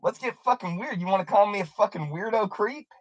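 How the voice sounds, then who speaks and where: A woman's voice: medium pitch, a little fast, dry recording, dull audio. A woman delivering an angry, profane, confrontational rant on her video channel, taunting the person she is addressing. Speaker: YouTuber.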